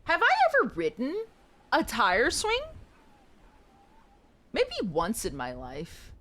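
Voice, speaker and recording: A woman's voice: a little high, wildly swooping pitch, slow, sharp tone, a little hiss or hum. A woman in her twenties streaming a game live, chatting playfully and joking with viewers. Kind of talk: live gameplay commentary.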